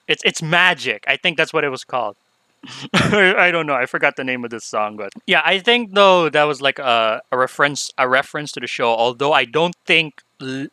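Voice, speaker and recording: A man giving casual, rambling commentary on a game, excitable and swearing freely. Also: a little high, no echo. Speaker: gamer.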